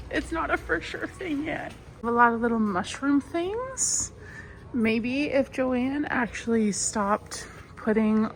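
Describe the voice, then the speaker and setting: A woman's voice: on the high side, fairly bright tone. A young woman vlogging as she shops, chatting to viewers in a joking, self-mocking way. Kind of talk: casual shop-with-me vlog. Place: busy big stores, indoors.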